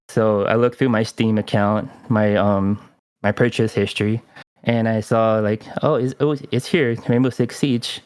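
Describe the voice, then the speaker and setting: A man co-hosting a gaming podcast, telling a story in a laid-back, halting, casual way. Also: lowish voice, fairly even intonation, darkish tone, clean tone, no echo. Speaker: podcast co-host. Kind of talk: casual chat.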